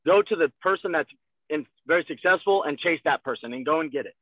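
A man's voice: on the high side, animated, fast talker, dry recording. Man on a tinny phone-like line. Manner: direct, coaching, repeating instructions. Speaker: guest sales leader. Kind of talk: motivational sales talk on a call. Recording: tinny, dry phone-like call audio.

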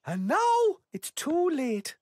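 Brief: a gentle, fussy cartoon mole, very high and sing-song, unhurried. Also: female voice, big pitch swings, no room sound, studio quality, full character voice. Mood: wistful. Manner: fussy, self-deprecating, rambling. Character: timid wistful male mole, older and gentle.

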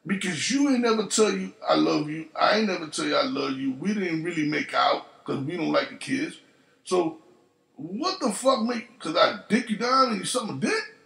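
A man hosting a podcast, telling a story in a profane, animated way and acting out the voices of the people in it. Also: on the high side, moderate pace, gravelly, reverberant. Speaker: podcast host. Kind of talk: casual storytelling monologue.

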